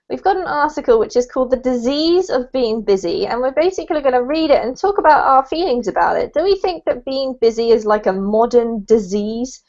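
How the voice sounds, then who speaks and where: A woman teaching an online English class in a chatty, encouraging way, with frequent laughs. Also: on the high side. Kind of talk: casual teaching chat on a video call. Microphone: video call. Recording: muffled video-call audio.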